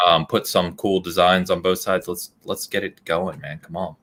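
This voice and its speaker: A man's voice: sits low, little pitch movement, normal speed, fairly bright tone. A man co-hosting a podcast, talking casually and animatedly, laughing often and thinking aloud with fillers. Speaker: podcast co-host.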